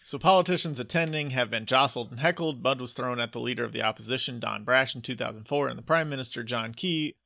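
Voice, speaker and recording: A man's voice: medium pitch, quick pace, vocal fry, hardly any pauses, pushed and bright, dry recording, lo-fi sound. A man co-hosting a podcast, working through his notes in casual chat with dry asides, recorded at home. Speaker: podcast co-host. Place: home office.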